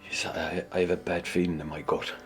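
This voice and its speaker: A man's voice: sits low, flat delivery, brisk, faint music behind, lightly acted. An actor playing a rambling, superstitious pub storyteller with an Irish accent, stammering as he spins his tales on a theatre stage. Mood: uneasy. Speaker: pub regular telling a story. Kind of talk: filmed stage play acting. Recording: long stage reverb.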